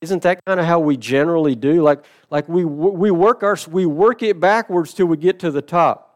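A middle-aged man delivers a sermon from the pulpit. His voice sits a little high for a man and stays smooth and resonant. He tells stories with dramatic drops to near quiet and bursts of loud emphasis. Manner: storytelling with dramatic shifts in loudness and slow emphatic phrasing. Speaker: pastor.

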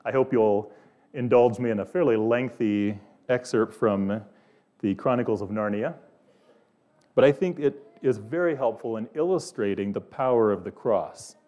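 A man's voice: medium pitch, moderate pace, dark tone, highs cut off. A male pastor preaching an earnest sermon, posing questions to his listeners.

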